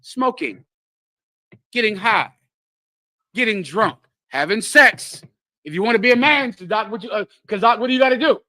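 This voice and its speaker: A man's voice: high-pitched, animated, normal speed, bright, forceful tone, no echo. A man teaching scripture to a group, lecturing emphatically and acting out the voices he quotes. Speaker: religious teacher.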